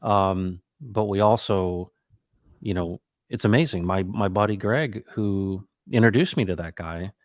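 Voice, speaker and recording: Low-voiced middle-aged man telling stories. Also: measured pace, no room sound, clean studio sound. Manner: animated, acts out quoted dialogue; reflective, faith-minded musing. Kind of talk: casual conversational storytelling.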